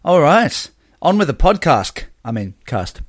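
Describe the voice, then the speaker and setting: A man's voice: fairly high pitch, big pitch swings, a little slow, slightly rough, dry recording, studio quality. Playful man on a podcast. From Tasmania, Australia. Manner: playful, chuckling, jokey asides. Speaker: podcast co-host. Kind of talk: casual podcast chat.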